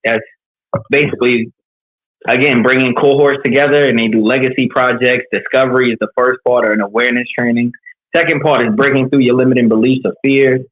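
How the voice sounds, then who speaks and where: A man's voice: medium pitch, fairly quick, lo-fi sound. A man from New York, a leadership coach, talking candidly and earnestly in an interview, telling personal stories with energy. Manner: earnest, animated storytelling.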